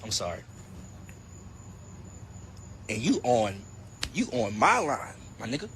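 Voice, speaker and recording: A man's voice: mid-range voice, very animated, takes it slowly, a bit bright, slight background noise. A young man in his twenties, a boxer, talking boastfully with a lot of swearing and mockery. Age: 20s. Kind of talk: heated interview clip.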